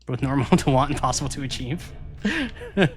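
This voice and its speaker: A man's voice: mid-range voice, fairly even intonation, faint music behind. A man commenting casually on a game he is playing live, talking to his chat and musing aloud. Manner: chatty, musing aloud, quick laughs. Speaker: live streamer.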